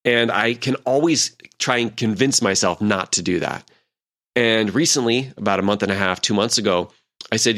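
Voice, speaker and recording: Chatty man in his forties, lowish voice. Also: moderate pace, a bit bright. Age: 40s. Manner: conversational, lots of fillers and acted-out quotes. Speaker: podcast host and leadership coach. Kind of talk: casual podcast monologue.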